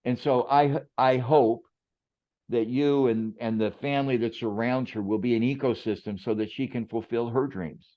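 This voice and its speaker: A man's voice: medium pitch, fairly even intonation, moderate pace, muffled recording. A man who is a management expert, a guest on a podcast, telling reflective stories in a conversational way. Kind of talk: conversational storytelling.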